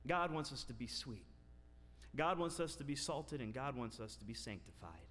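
A pastor preaching a sermon, telling a personal story that builds into loud, emphatic preaching. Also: male voice, medium pitch, expressive, normal speed. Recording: long reverb of a large hall.

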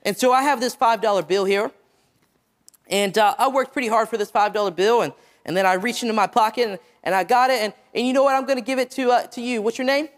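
A man preaches evangelistically at a fast clip in a squeaky voice. He lengthens important phrases and lowers his pitch at their endings.

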